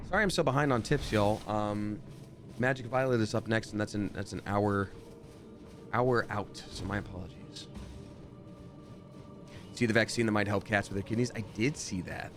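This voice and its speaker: A man streaming a game live, chatting and reading out chat, breaking into loud surprised outbursts. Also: on the low side, slight background noise.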